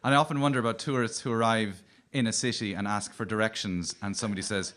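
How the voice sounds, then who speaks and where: Cork-accented male comic host, low-pitched, dry playful delivery, faint hiss behind. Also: fairly even intonation, quick pace. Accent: Cork Irish. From Cork, Ireland. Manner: wry, playful storytelling. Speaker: comedian host. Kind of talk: stand-up comedy on radio.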